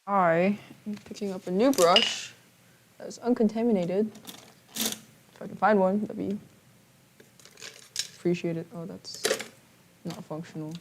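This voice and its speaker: A woman's voice: mid-range voice, a little slow, pauses often, noisy background. A woman painting on a livestream, chatting casually, giggly and self-deprecating, muttering to herself as she works. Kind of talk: casual chat while painting.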